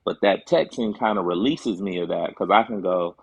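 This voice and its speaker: A man's voice: low-pitched, normal speed, gravelly, breathy edge, no echo. A man speaking as a guest on a talk show, earnest and emphatic, with frequent fillers. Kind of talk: casual chat.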